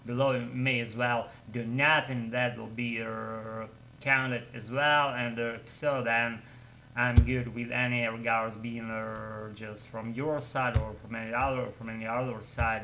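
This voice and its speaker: Vlogger, man, native Russian speaker, bright tone, rambling casual storytelling full of "uh". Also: medium pitch, a little hiss or hum, poor audio. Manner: rambling, halting with many fillers and restarts, laughs often.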